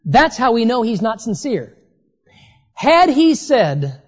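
A preacher giving a sermon, who talks emphatically and slows down to stress key phrases. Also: mid-range voice, very animated, in a large hall.

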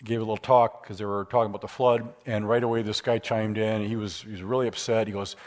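A man's voice: lowish voice, flat delivery, fast talker, hardly any pauses, a little mellow. A man giving a public lecture with Q and A, conversational and emphatic, moving into stories. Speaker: guest speaker.

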